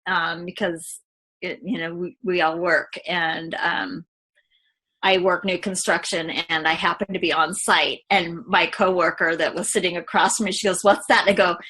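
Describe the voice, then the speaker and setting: Woman realtor for a testimonial spot, bright voice, heartfelt, chatty with fillers. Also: lowish voice, little pitch movement, moderate pace, slightly rough. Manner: candid, heartfelt, many fillers. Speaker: real estate agent client. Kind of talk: client testimonial interview.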